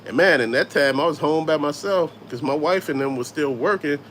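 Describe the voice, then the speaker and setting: A man's voice: fairly high pitch, fairly quick, a bit bright, slight background noise. Laid-back Southern man chatting on a livestream. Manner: laid-back, swearing, storytelling, reads chat aloud. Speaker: toy collector livestream host. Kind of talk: casual livestream chat.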